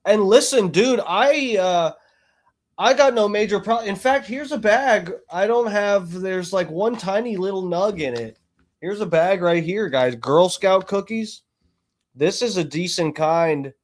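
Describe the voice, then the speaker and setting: Excitable podcast host, fairly high voice. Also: male voice, measured pace. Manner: loud, excitable, swearing. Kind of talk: casual chat.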